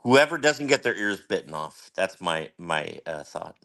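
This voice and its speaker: Chatty guy calling in, jokes around, bright voice bouncing all over. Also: deep voice, sing-song, normal speed, vocal fry. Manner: rambling, jokey, laughs a lot. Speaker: caller guest. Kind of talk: casual live-stream chat.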